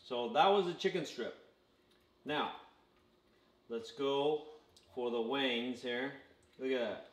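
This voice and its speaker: Talking slowly with long pauses in a medium-pitched voice, a channel host eats and chats through a casual food review vlog, tagging lines with "okay?". The room echoes noticeably.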